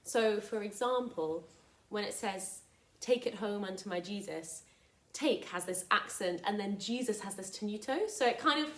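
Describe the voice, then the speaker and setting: A woman's voice: mid-range voice, normal speed. Young female soprano, eager explainer, roomy home recording, mid-range voice. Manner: enthusiastic, explanatory. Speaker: soprano and choral conducting fellow. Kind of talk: casual spoken introduction to a choral piece. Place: living room at home. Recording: echoey home room.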